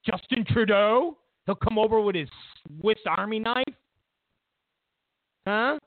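A man's voice: high-pitched, slow, no room sound. A man hosting a political commentary show, delivering an emphatic, mocking monologue. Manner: emphatic, animated, mocking asides. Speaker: show host. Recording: tinny phone-like audio, dry.

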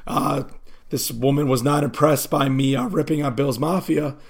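Chatty, fairly high-voiced male podcast host. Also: steady tone, moderate pace, gravelly, slightly rough. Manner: loose storytelling with many fillers. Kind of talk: casual sports podcast chat.

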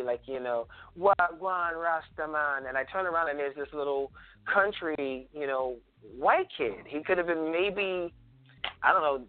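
A man from South Carolina, a guest in an interview, talking thoughtfully with many pauses and ums as he tells stories. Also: medium pitch, no echo. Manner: thoughtful, frequent ums, storytelling. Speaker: guest, cultural preservationist. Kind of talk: conversational interview. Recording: phone-like lo-fi audio.

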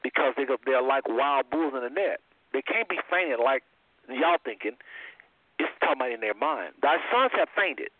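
A man's voice: lively intonation, normal speed, no room sound. Emphatic preaching man on a phone line. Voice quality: preachy, emphatic, swings high and low. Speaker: host. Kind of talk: Bible teaching on a call-in show.

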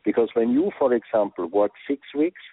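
A former soccer coach being interviewed over the phone, speaking earnest English with non-native phrasing. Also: male voice, medium pitch, lively intonation, normal speed, slightly rough, dry recording. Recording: tinny phone line.

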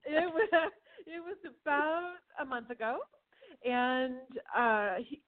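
A woman with a high, animated voice speaks slowly as she hosts a casual radio interview for the chamber of commerce. She tells a story with plenty of energy, giggling and acting out the voices, all through tinny, phone-like radio audio.

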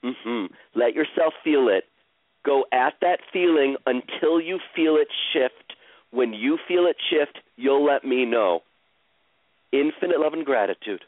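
Man, live coaching, slow soothing repetitive guidance, tinny phone-like sound, dry. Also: mid-range voice, animated, dry recording. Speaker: host coaching a caller.

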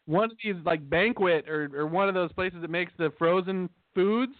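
A man's voice: high-pitched, normal speed, no room sound. A man co-hosting a podcast, trading wry, sarcastic, profane stories. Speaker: podcast co-host. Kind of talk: casual chat. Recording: tinny dry phone-like audio.

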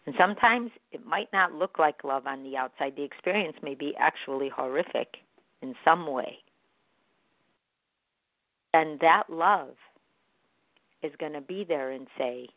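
Low-voiced woman giving gentle spiritual encouragement. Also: a little slow, long pauses, no room sound. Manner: gentle, encouraging, repetitive phrasing. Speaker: morning show host. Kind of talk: spiritual self-help talk. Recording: phone-like narrow sound.

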